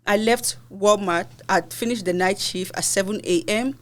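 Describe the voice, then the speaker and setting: A woman's voice: mid-range voice, moderate pace. A woman from Cameroon, a podcast guest, earnestly and expressively recounting personal hardships in conversation.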